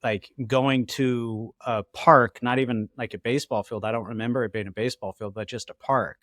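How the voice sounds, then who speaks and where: A man hosting a podcast, speaking in a reflective, soft-spoken way and sounding a little choked up. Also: mid-range voice, fairly even intonation, normal speed, dry recording, studio quality. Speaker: podcast host. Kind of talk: casual interview chat.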